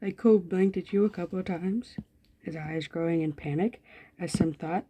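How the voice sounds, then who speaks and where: A woman's voice: on the low side, moderate pace, mellow, husky. A woman, a gaming YouTuber, reading a story game aloud with running commentary, giggling often and swearing freely. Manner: giggly, profane, frequent laughter.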